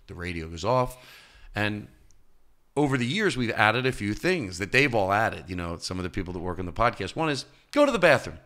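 A male comedian talking as a podcast guest, telling stories in an animated way and jumping into high, loud voices when he quotes people. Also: a little fast. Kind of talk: casual interview chat.

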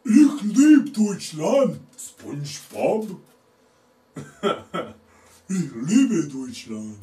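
A man's voice: high-pitched, very animated, warm tone, far from the mic, pitched above the performer's own voice, full character voice. A man putting on goofy Patrick, a dopey cartoon starfish. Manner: slow, goofy, simple-minded. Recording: roomy, off-mic, faint guitar music.

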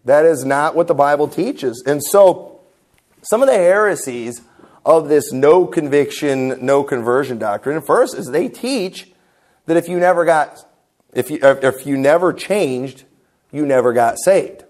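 A man's voice: on the high side, expressive, a little slow, a little mellow. A man, preaching a sermon in a church, conversational with joking, mocking asides. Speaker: pastor. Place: church sanctuary.

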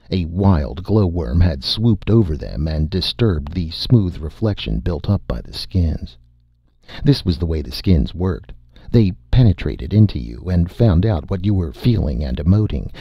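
Deep-voiced, husky male audiobook narrator. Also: dry recording, highs cut off. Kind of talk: scripted narration.

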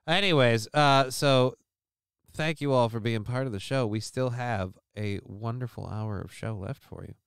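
A man's voice: fairly low pitch, vocal fry, smooth, no room sound, clean studio sound. A man hosting a live stream show, talking casually and rambling through news stories in a crude, sarcastic way with lots of swearing.

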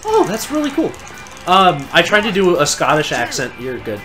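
A man's voice: a little high, huge pitch swings, pushed and bright. A man co-hosting a game video, teasing his partner playfully in casual gameplay commentary. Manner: playful, teasing, quick laughs. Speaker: gaming co-host. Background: game music.

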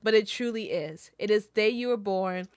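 A woman's voice: medium pitch, normal speed, clean tone, dry recording. A woman streamer reading birthday messages aloud, emotional and tearful, laughing between lines. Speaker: VTuber streamer.

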